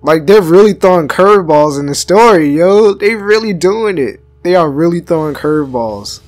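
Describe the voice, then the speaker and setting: A young man giving excited, slangy let's-play commentary and talking back to the game. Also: fairly high pitch, normal speed. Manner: hyped, slangy, talks back to the game, many restarts. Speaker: gaming YouTuber.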